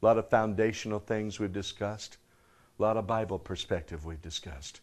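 A man preaching a sermon to a live congregation, firing off rhetorical questions and swinging between loud emphatic bursts and hushed low tones. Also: normal speed. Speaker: pastor.

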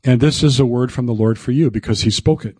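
A man's voice: mid-range voice, fast talker, darkish tone, husky, dry recording. An older man, a pastor, preaching a folksy, emphatic sermon and breaking into old hymns.

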